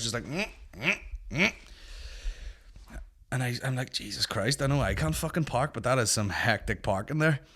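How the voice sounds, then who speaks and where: A man's voice: mid-range voice, fairly bright tone. A young Northern Irish man hosting a comedy podcast, telling a rambling, sweary anecdote in casual chat. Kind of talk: casual storytelling.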